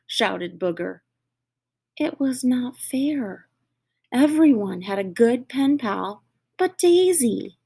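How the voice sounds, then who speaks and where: A woman reading a children's picture book aloud, slow and expressive, lifting her voice for the children's lines. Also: on the high side, gravelly, husky. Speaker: storyteller. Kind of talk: children's story read-aloud.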